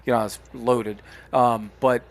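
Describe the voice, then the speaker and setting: A man's voice: mid-range voice, level tone, normal speed. Man podcast co-host, middle-aged, plain mid voice, reflective and candid. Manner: reflective, open, restarts often. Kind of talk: casual candid podcast talk.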